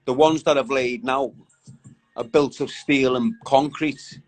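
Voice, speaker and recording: A man's voice: mid-range voice, steady tone, measured pace, low-quality recording. A young man hosting a casual live stream, bantering with viewers in a slangy, chatty way. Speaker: livestream host.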